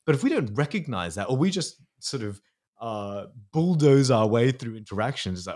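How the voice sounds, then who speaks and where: A man's voice: mid-range voice, sing-song, normal speed, a little mellow. A man, a psychologist explaining things earnestly in a podcast interview. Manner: earnest, explanatory, slips into acting out inner voices. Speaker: psychologist guest.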